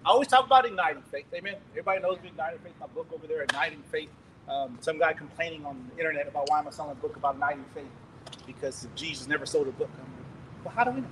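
A middle-aged male preacher telling a story in a sermon, animated and laughing, acting out scenes loudly. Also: fairly high pitch, rapid-fire, a little hiss or hum, rough recording.

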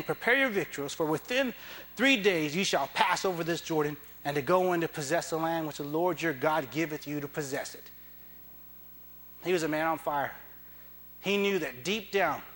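A man preaching a sermon in church, impassioned and emphatic, acting out the words of biblical figures. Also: a little high. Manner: impassioned, rising to loud emphatic peaks; acts out biblical figures in dramatic dialogue.

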